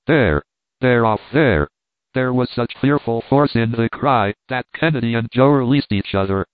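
A man narrating an adventure storybook in a steady, measured reading. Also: medium pitch, no room sound. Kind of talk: audiobook narration. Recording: tinny, phone-like and dry.

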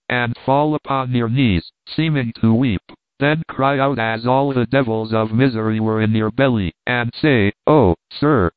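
A man's voice: mid-range voice, no echo, natural voice. A man doing a scoffing young vagabond thief. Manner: bullying, scoffing. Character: rough young male vagabond thief, scheming and mocking. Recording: dry, phone-like narrow sound.

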